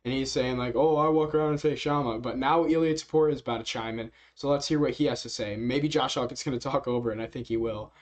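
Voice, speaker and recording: A man's voice: medium pitch, quick pace, hardly any pauses. A man casually commenting as a reaction video host, rambling with many fillers and frequent chuckles. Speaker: MMA reaction youtuber.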